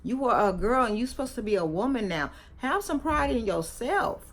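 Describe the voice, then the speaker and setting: A woman's voice: fairly high pitch, very animated, moderate pace, fairly bright tone. Emphatic woman vlogger scolding. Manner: emphatic, repeats herself, scolding and preachy; casual slangy talk, chewing gum. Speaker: vlogger reacting to a video. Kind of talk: opinionated reaction vlog.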